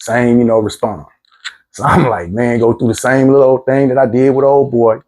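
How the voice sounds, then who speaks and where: A man's voice: mid-range voice, fairly even intonation, brisk, a little mellow. A middle-aged man candidly recounting his own past in a plainspoken, street-casual way, often repeating himself. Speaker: former prisoner telling his story. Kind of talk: candid storytelling monologue.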